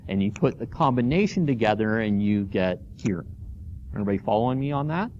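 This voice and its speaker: A man's voice: fairly low pitch, lively intonation, quick pace, a little mellow, muffled recording, a little hiss or hum. A man teaching a college anatomy and physiology class, informal and checking in with students as he explains. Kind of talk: classroom lecture. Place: lecture hall.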